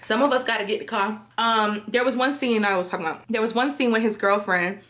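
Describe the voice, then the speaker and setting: Animated, slangy woman vlogger, pitched a bit high. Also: quick pace. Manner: animated, slangy, laughs often, talks straight to viewers. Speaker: vlogger reviewing a film. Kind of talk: casual chat to camera.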